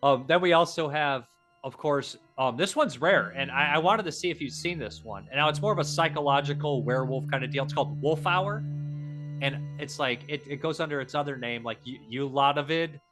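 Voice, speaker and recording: A bright, forward-sounding man talks in casual podcast chat, tumbling through his thoughts with many restarts and fillers. He swears freely and sounds keen on the subject. Faint music sits under the voice. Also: on the high side, fairly quick. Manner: enthusiastic, rambling, frequent restarts and fillers. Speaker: podcast host.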